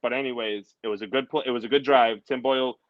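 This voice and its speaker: A man hosting a casual sports talk show, animated and ranting in quick bursts. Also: medium pitch, very noisy. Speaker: podcast host. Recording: dull lo-fi audio.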